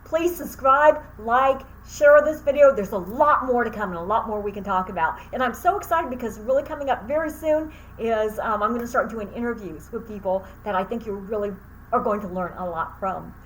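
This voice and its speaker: Higher-voiced woman telling a story. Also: brisk, slight background noise, rough recording. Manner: lively storyteller, many fillers and repeated thank-yous. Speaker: Reiki teacher and channel host. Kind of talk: casual storytelling to camera.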